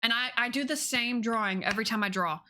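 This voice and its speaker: A woman's voice: fairly high pitch, fast, sharp tone. A woman streamer chatting casually with her viewers, bubbly and giggly. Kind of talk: casual chat with viewers while drawing.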